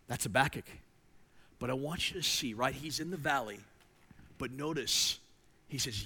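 A man preaching a sermon, animated, climbing to emphatic peaks and then dropping low. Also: unhurried. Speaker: pastor. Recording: reverberant hall.

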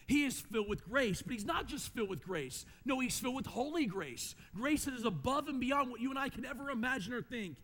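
A man's voice: very high-pitched, lively intonation, fairly quick, few pauses, a bit bright. A man, a pastor, preaching a sermon with emphatic repetition and rhetorical questions. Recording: long reverb of a large hall.

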